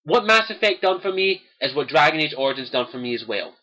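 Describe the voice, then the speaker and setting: A man's voice: a little high, big pitch swings, fast, sharp tone. A young Scottish man, host of a gaming livestream, speaking to viewers in an earnest, impassioned personal monologue and repeating his key phrases.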